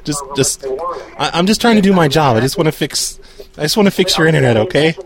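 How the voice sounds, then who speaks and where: A man's voice: fairly high pitch, expressive, quick pace, crowd noise. A man making a prank call, stammering and whining in mock hurt. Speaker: prank caller.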